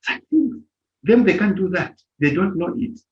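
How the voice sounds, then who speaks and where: A man's voice: sits high, normal speed. A man giving an informal motivational talk on a live stream, emphatic and repetitive as he tells stories. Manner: animated, emphatic storytelling with repetitions. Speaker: live stream speaker advising volunteers. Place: lives in Germany. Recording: dull lo-fi live stream audio.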